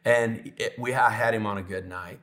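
A middle-aged male pastor tells a personal story from the pulpit. His voice moves between animated, laughing storytelling and soft, hushed, tender moments. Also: fairly low pitch, normal speed. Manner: emotional, animated storytelling, drops to near whisper when tender. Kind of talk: sermon storytelling.

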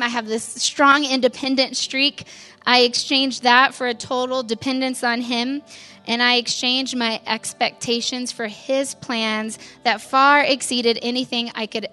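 A woman's voice: a little high, pushed and bright. A pastor's wife telling her story in a church testimony, candid and conversational, with lots of "like" fillers and little laughs at herself.

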